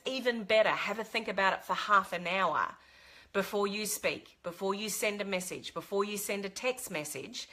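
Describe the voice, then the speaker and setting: A woman with a bright, forward voice talks straight to the camera, giving earnest advice. She is middle-aged and speaks casually, with fillers and restarts. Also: medium pitch. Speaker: vlogger giving life advice.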